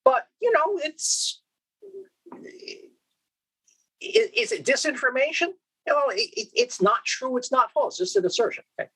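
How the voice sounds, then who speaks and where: A man's voice: very high voice, unhurried, pauses often, breathy edge, poor audio. A man giving a conference keynote lecture, asking the audience rhetorical questions and checking in with "okay?". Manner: lively, questioning, frequent "okay?" and restarts. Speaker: keynote speaker.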